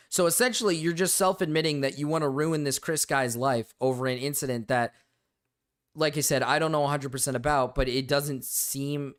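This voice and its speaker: A man's voice: on the high side, fairly bright tone. A man streaming live, reacting to online drama with heated, profane ranting and frequent restarts.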